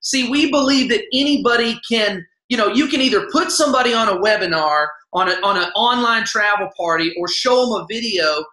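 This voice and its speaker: A man co-hosting an online sales party in a casual, upbeat pitch, repeating himself for emphasis. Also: animated, fairly quick, few pauses, sharp tone, echoey room, poor audio.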